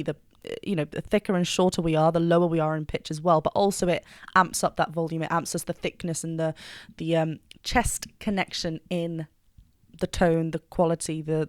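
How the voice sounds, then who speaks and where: A woman's voice: fairly low pitch, clean tone, dry recording, clean studio sound. A woman vocal coach giving enthusiastic, technical reaction commentary, singing short examples now and then.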